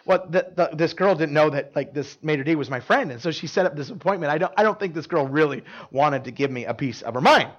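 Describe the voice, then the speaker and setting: A man with a high voice preaches earnestly, telling personal stories with emphasis and many restarts. The sound is dull and lo-fi. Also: lively intonation, quick pace, hardly any pauses. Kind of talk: sermon storytelling.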